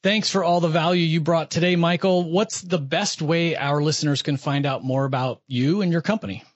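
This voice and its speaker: A man's voice: a little high, steady tone, normal speed, no echo, highs cut off. A male podcast host who asks questions and gives a friendly, upbeat sign-off. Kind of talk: podcast interview hosting.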